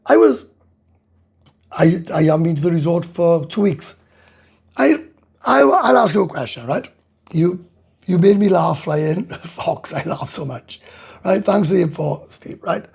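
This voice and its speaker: A middle-aged man from Wales reads out his viewers' comments during a casual live chat, answering bluntly in a sweary, ranting way. His gravelly, very husky voice has a fairly high pitch and darkish tone, expressive, at a measured pace with frequent pauses.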